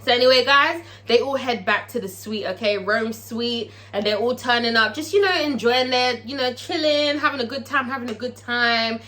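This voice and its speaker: Woman doing a tv recap vlog, swears a lot, keeps going "okay?", kinda high voice. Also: moderate pace, hardly any pauses. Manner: profane and excitable, tags lines with "okay?". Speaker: TV show reviewer.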